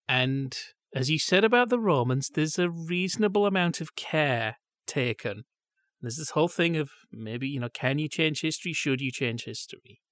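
A man's voice: fairly high pitch, fairly bright tone, no room sound, studio quality. A man co-hosting a podcast, talking through ideas in long wry asides, casual and analytical. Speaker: podcast co-host.

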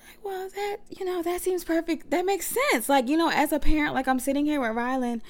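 A woman's voice: high voice, fairly quick. A woman of about thirty hosting a faith podcast, chatting casually and using slang as she talks straight to her listeners. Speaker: podcast host and mother.

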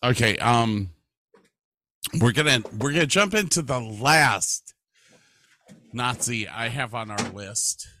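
A man co-hosts a casual podcast and reads facts aloud to his partner. He talks slowly, and his pitch moves a lot. His voice is bright and recorded dry. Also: a little hiss or hum. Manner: reads facts aloud with lively, animated delivery. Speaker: podcast co-host. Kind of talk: casual chat.

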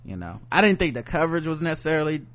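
Guy hosting a podcast, kinda high voice, chill and cussing, reading comments and riffing. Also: big pitch swings, rapid-fire. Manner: loose, profane, chuckling, thinks out loud. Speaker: podcast co-host. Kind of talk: casual chat, reading listener comments.

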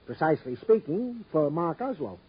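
An actor playing a good-natured police sergeant in a 1950s radio drama, chummy, with wordy, mock-formal phrasing and a slightly hoarse voice. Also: male voice, a little high, big pitch swings, moderate pace, exaggerated voice. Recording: dull old radio broadcast recording.

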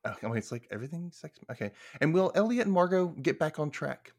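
A man with a lively, up-and-down voice hosting a casual podcast recap. He laughs easily, jokes with his co-host and throws questions to the audience. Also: fairly high pitch, fast.

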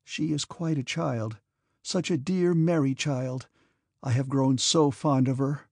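A man reading aloud and voicing a gentle, earnest young noblewoman who speaks softly and pleads with her brother. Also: medium pitch, steady tone, unhurried, gravelly, no echo, clean studio sound. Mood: earnest pleading.

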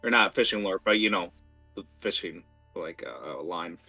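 Gm guy narrating a tabletop game, bright forceful voice, rambly, kinda low pitched. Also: normal speed, creaky, faint music behind. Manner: lively, rambling with fillers and asides. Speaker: game master.

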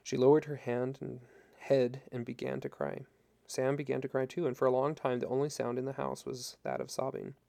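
A man narrating a novel in a steady, unhurried audiobook reading. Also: mid-range voice, creaky.

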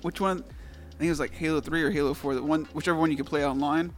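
A man's voice: a little high, fairly even intonation, quick pace, faint music behind. A man telling a rambling story in casual chat, full of swearing and fillers. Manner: rambling, profane, filler-heavy.

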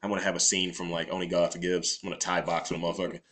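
A man's voice: deep voice, level tone, racing, a bit bright. A man co-hosting a podcast, chatting casually in crude, profane banter. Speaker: podcast co-host. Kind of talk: casual chat.

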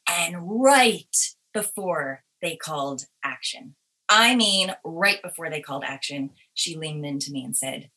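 Bright-voiced expressive actress guest. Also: female voice, low voice, measured pace. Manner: expressive, restarts often, laughs readily. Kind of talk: animated conversational storytelling.

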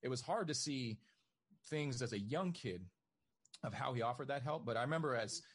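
Man, podcast guest, casual storytelling, laughs a lot, mid-pitched voice. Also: animated, normal speed, breathy edge. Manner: laughs often while telling stories.

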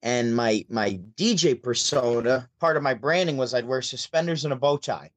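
A man from Syracuse, New York, telling stories as a podcast guest over a remote call, chatty and animated. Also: mid-range voice, moderate pace, dry recording. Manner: chatty, animated, with frequent restarts. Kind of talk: casual storytelling.

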